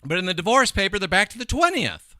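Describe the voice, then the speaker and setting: A middle-aged man gives casual commentary with an animated, emphatic delivery that keeps drifting into asides. His voice is bright and smooth, and it is recorded close and dry. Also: high voice, fast, dry recording. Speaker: host.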